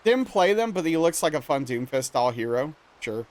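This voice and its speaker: A young streamer from Louisiana chats casually with his viewers, reading chat aloud and replying playfully with bursts of mock outrage. His medium-pitched voice is expressive and a little fast.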